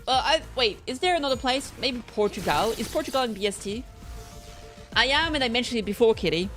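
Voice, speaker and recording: A woman streamer chats with her viewers in a bright, high voice, bubbly and playful, poking fun at herself. Soft game music plays faintly behind her. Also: lively intonation, brisk. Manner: bubbly, playful, self-mocking, chatting with viewers. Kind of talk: casual gaming livestream chat.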